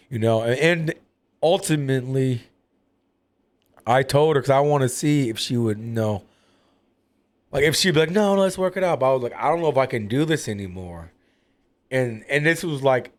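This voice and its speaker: A man talking openly as a podcast guest, rambling and full of fillers. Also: medium pitch. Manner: rambling, filler-heavy, candid. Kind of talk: casual personal talk.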